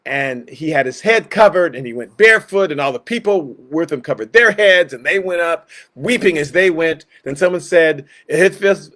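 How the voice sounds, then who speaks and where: A man teaching a Bible study as a pastor, animated and acting out the voices he quotes to online viewers. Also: a little high. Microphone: streamed to online viewers.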